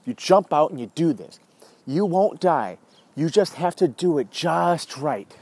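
A man's voice: on the high side, animated, a little slow, a little mellow, slightly rough, full character voice. A man playing a smug, stubborn man who insists on his method, in a lecturing voice. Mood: insistent.

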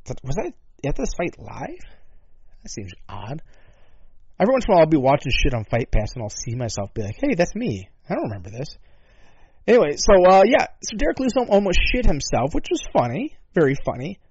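A man's voice: on the high side, wildly swooping pitch, fairly quick, a little mellow, husky, no room sound. A man hosting a talk show who rambles in a sarcastic, profane way, with many asides and swearing. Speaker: podcast host. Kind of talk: casual profane commentary. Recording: dull lo-fi dry sound.

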